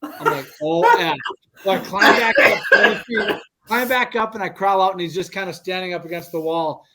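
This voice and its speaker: Brief: young guy, podcast co-host, lively storyteller, slightly high voice, loud when he quotes people. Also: brisk, very noisy. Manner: animated, acts out quotes in a raised voice. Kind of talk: casual storytelling among friends.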